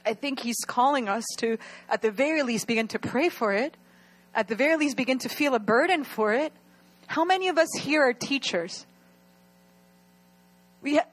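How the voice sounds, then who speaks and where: A young adult woman preaching an earnest sermon to her church, at times crying as she pleads. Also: high voice. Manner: earnest, rising to emotional pleas. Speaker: pastor.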